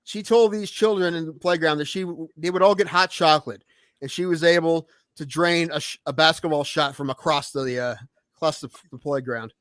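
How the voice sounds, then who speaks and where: Quick-talking man on a podcast. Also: fairly high pitch, fairly bright tone, dry recording. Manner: blunt, teasing. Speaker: podcast co-host. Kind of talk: casual podcast chat.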